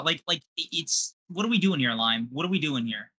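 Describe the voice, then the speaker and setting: A man's voice: on the high side, lively intonation, a little fast, few pauses, pushed and bright, slightly rough. A young man co-hosting a podcast, chatting casually with viewers and trash-talking in brash, profane banter. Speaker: podcast co-host. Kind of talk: casual livestream chat.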